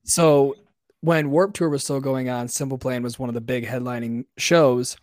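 A man's voice: mid-range voice, level tone, normal speed. A man on a podcast who laughs easily and starts telling his own story eagerly. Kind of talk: casual chat.

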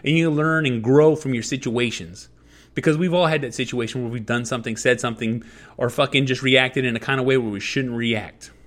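A man's voice: mid-range voice, fairly even intonation, fairly quick. A man hosting a podcast, giving blunt life advice in an emphatic, profanity-heavy monologue that circles back on its points. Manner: emphatic, heavy swearing, repetitive. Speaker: podcast host.

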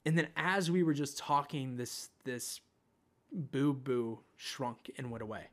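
A man speaking casually about faith at a middle pitch, loose and chatty, with lots of fillers and false starts. He sounds unscripted and easygoing as he tells a personal spiritual story. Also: a little slow. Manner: relaxed and conversational, with frequent fillers and restarts. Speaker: Christian speaker sharing a spiritual vision. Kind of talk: casual spoken testimony.

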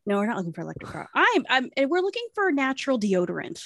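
A woman's voice: high voice, quick pace, gravelly, no echo, clean studio sound. A young woman co-hosting a podcast in casual chat, talkative and swearing freely. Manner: chatty, lively, swears casually. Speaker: podcast co-host. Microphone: remote call mic.

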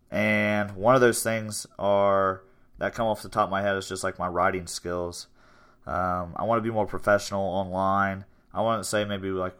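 A man's voice: low-pitched, bright, forceful tone. A young man in his twenties, hosting a casual podcast chat about his gym, rambling and upbeat. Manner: rambling, upbeat, self-promoting. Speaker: podcast host and gym owner.

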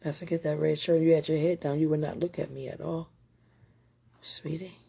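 A woman's voice: deep voice, level tone, normal speed, vocal fry, dark tone, breathy edge. A woman giving an emotional personal testimony, talking straight to her partner in a heartfelt, rambling way with prayerful asides.

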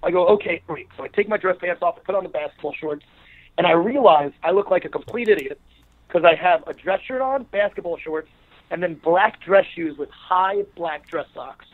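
A man's voice: high-pitched, normal speed. A man, a wrestler guest, telling a casual anecdote and acting out the people in it. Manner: acts out quoted people in an anecdote. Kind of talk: casual storytelling interview. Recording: tinny phone line.

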